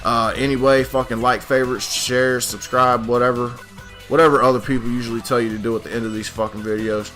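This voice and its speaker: A man's voice: mid-range voice, flat delivery, brisk, fairly bright tone, faint music behind. A man ranting casually over gameplay as a gaming channel host, swearing constantly and rambling with lots of "like" and "dude". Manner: profane, rambling, frequent "like" and "dude". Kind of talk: casual gameplay commentary rant.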